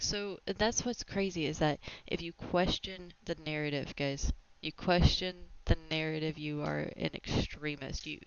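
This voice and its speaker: A woman hosting a casual opinion podcast, animated and opinionated, often laughing as she talks. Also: deep voice, creaky, clear, resonant tone. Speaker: podcast host. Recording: dry, slightly dull lo-fi sound.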